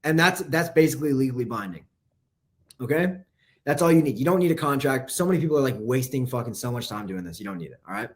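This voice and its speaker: A man's voice: medium pitch, expressive. A man coaching copywriting in a casual, profane live lesson. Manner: casual, profane, fast-talking.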